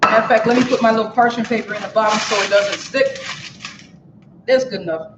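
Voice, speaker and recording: A woman's voice: fairly high pitch, quick pace, background noise. Chatty woman hosting a live kitchen stream. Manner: chatty, talks straight to viewers. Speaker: cooking show host. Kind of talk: casual live cooking stream chat. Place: home kitchen. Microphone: camera on a stand for a live stream. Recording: roomy, dull kitchen sound.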